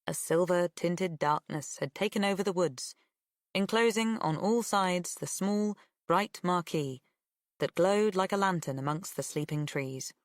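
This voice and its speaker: A woman narrating an audiobook with a measured, expressive reading. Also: fairly low pitch, no room sound, clean studio sound. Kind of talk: scripted narration.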